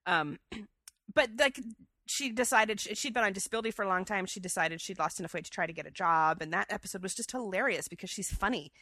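A woman co-hosting a chatty podcast, talking with eager enthusiasm and loose fillers. Her tone is bright and forward, and her mid-range voice sounds dry and close to the mic. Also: medium pitch, fairly quick, dry recording. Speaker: podcast co-host. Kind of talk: casual chat.

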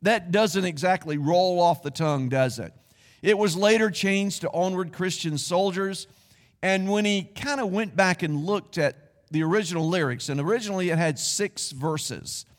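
Conversational pastor in a reverberant church. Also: male voice, high-pitched, normal speed. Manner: conversational, folksy asides. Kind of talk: sermon. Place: church sanctuary.

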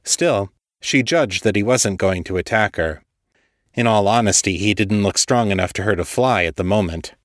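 A man narrating a story as a podcast host, reading in a steady, measured way. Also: fairly low pitch, no echo, clean studio sound. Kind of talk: scripted audiobook narration.

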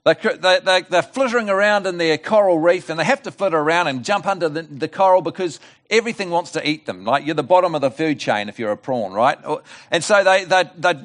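A middle-aged man preaches at a church service in a lively voice that swings high and low. He sits a little high for a man and tells a joke as an animated storyteller, full of asides and restarts. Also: fast. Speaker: guest preacher. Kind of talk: sermon with a told joke.

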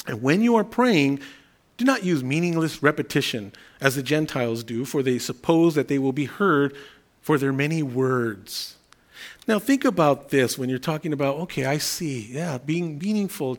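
A middle-aged man giving a conversational sermon as a pastor, telling humorous everyday stories with restarts. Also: on the high side.

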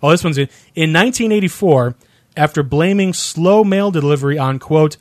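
A man's voice: fairly high pitch, expressive, normal speed, no room sound, studio quality. A man from Ohio co-hosting a casual chat show, reading would-you-rather questions aloud and answering mildly with some stammering. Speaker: podcast co-host.

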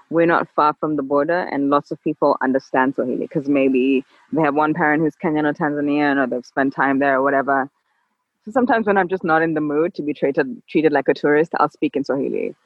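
A woman guest on an interview, talking in a calm, level, measured way. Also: deep voice, no room sound. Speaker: podcast guest. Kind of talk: casual interview chat. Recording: dull lo-fi dry sound.

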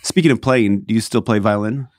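A man's voice: fairly low pitch, fairly quick, dry recording, clean studio sound. A man hosting a casual interview who asks easygoing questions and laughs along. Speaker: interviewer, host.

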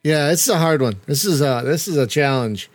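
A man's voice: a little high, normal speed, no echo, soft background music. A man hosting a casual game stream, rambling and restarting his sentences as he talks. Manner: rambling with restarts, laughs often. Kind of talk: casual chat while playing a game.

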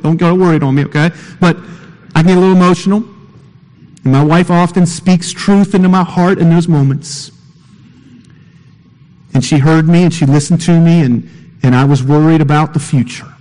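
A middle-aged man preaches with a high, reedy voice that carries through a big sanctuary. His words ring out with a long reverb behind them. He pushes through quick, repeated phrases, then slows to soft, drawn-out emphasis. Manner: emphatic, repetitive, swings between fast bursts and slow soft stresses. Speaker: pastor. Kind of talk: sermon. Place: church sanctuary. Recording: reverberant hall.

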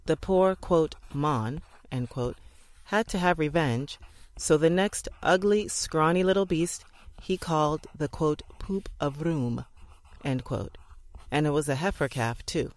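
An audiobook narrator reading old letters aloud in a measured, even storytelling delivery. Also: medium pitch, no echo.

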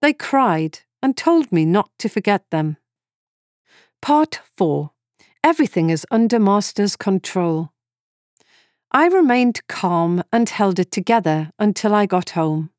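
A woman in her forties reading a first-person story in calm, measured scripted narration. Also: mid-range voice, dry recording, studio quality. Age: 40s.

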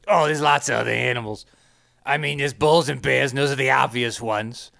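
A man's voice: mid-range voice, fairly even intonation, moderate pace, vocal fry, fairly bright tone, dry recording, studio quality. A man voicing a brash, crude male company boss who boasts and barks at his producer, in an improvised comedy podcast bit. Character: brash sleazy male CEO Mort, middle-aged. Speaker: podcast co-host.

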